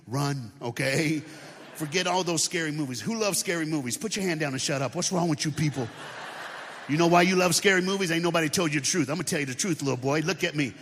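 Animated man in a big reverberant hall. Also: medium pitch. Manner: animated, playful, audience call-and-response. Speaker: guest speaker. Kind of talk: comedic motivational storytelling talk. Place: large church auditorium with balcony.

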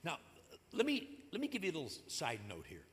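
Animated, high-voiced preacher in a hall. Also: male voice, a little fast. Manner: conversational preacher, animated, acts out stories. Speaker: pastor. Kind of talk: sermon. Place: church sanctuary. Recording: echoey hall.

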